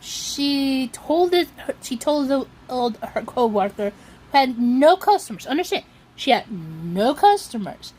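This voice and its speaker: A woman's voice: sits high, very animated, unhurried, a little mellow, slightly rough. A woman vlogger telling a long story in a casual, rambling way, often circling back with "so anyway".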